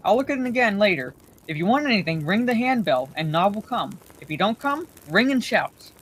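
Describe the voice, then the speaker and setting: A chatty, fat middle-aged innkeeper voiced by a woman reading aloud bustles through his words, forgetful and hurried. He never stops talking, even when run off his feet. His voice sits at an ordinary middle pitch, read aloud as part of a storybook. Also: slightly rough. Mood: flustered.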